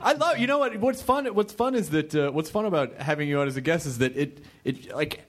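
A man's voice: on the high side, lively intonation, a little fast. A man hosting a podcast, chatting casually and joking with his guest, swearing freely. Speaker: podcast host.

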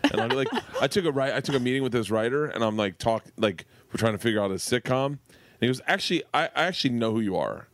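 A man's voice: medium pitch, fast talker, no echo. A middle-aged man, a guest comedian, telling stories in casual chat and acting out the people he quotes. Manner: animated, acts out quotes in shifting voices.

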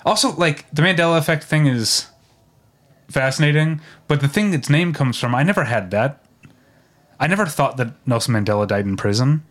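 A man's voice: fairly high pitch, expressive, moderate pace, fairly bright tone. A man co-hosting a podcast, chatting casually with lots of fillers and laughs. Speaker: podcast co-host.

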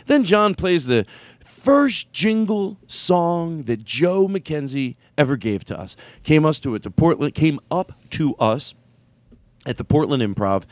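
Animated man hosting a studio podcast. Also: no room sound. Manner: rambling, animated, laughs and yelps high when joking. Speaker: podcast host. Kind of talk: casual comedy podcast banter.

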